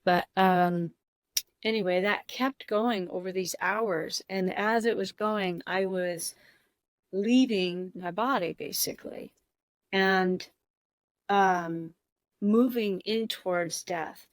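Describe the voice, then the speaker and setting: A woman on the verge of tears tells a personal story as a podcast guest. She talks slowly and haltingly, with pauses and restarts. Her voice sits at a medium pitch and sounds dry and close, with no room echo. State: tearing up.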